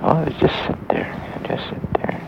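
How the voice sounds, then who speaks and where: A man telling a Christian story in a halting way, with pauses and restarts. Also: highs cut off, heavy background noise. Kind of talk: spoken Christian story for listeners.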